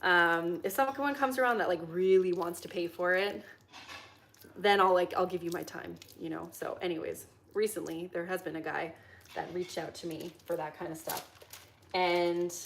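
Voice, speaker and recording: A woman's voice: fairly low pitch, normal speed, a bit bright, a little hiss or hum. A young woman hosting a livestream, chatting casually with viewers while she cooks in her kitchen and reads out chat questions. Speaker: livestream host. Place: home kitchen.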